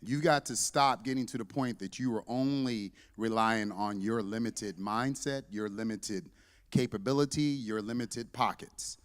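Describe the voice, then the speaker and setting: A man in his fifties with a lowish, slightly slow voice gives a humorous testimony in a church sanctuary, where a long reverb tail follows his words. He's a church deacon and visiting parent, a lively, joking storyteller who acts out the dialogue in his story for the congregation.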